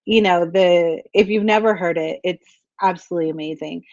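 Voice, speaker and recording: A woman's voice: lowish voice, moderate pace, a little mellow, dry recording, highs cut off. A woman, likely a coach for women entrepreneurs, telling a personal story in a casual rambling way with fillers, restarts and frequent little laughs.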